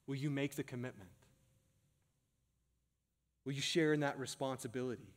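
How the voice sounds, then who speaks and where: A male pastor preaching with fervent, emphatic conviction in a voice of middling pitch. He stacks up rhythmic repeated calls to his congregation, then drops into a soft, unhurried prayer. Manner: slows and softens into a hushed prayer. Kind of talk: sermon.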